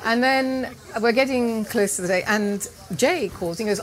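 A woman cooking teacher telling a lively personal story as an interview guest at an outdoor market event. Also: on the high side, normal speed. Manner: animated anecdote-telling with laughs and quoted voices. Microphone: handheld interview mic, live recording.

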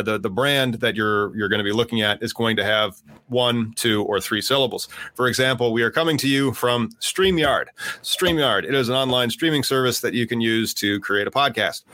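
A man's voice: medium pitch, pushed and bright, no echo. A man co-hosting a casual podcast, rambling with lots of fillers and restarts, recorded remotely. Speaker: podcast co-host. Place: home, remote via streaming service.

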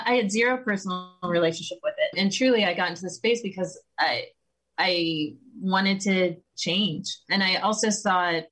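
Chatty thirties woman guest, slightly low voice, quotes herself with a wry edge. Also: a bit bright, rough recording. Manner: chatty, self-deprecating, quotes herself often. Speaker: podcast guest, communications strategist. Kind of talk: conversational interview.

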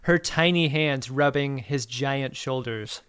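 A man's voice: mid-range voice, takes it slowly, fairly bright tone, smooth, dry recording, clean studio sound. A man with a thin, reedy voice, co-hosting a podcast in a casual, playful way as he recaps and riffs. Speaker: podcast co-host.

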